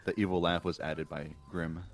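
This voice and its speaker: Laid-back, low-voiced man joking on stream. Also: flat delivery, normal speed, background noise. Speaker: stream guest. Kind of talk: casual group chat on a live stream.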